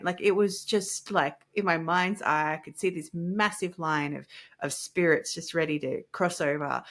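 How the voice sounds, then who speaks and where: A woman host telling a personal story in casual conversation, acting out the voices of the people in it. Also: lowish voice. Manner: animated, acts out quoted voices. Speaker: podcast host and energy healer.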